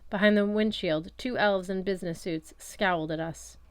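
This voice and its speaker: A woman's voice: medium pitch, moderate pace, no echo. A woman narrating a first-person audiobook chapter in a wry, conversational storytelling manner. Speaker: audiobook reader.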